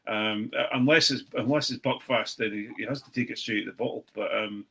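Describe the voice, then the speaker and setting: A man's voice: medium pitch, lively intonation, a little fast, vocal fry, sharp tone, husky, low-quality recording. Guy hosting a rugby-style pod chat, swears a lot, rambles and restarts. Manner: sweary, rambling, repeats words. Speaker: podcast host. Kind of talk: casual chat.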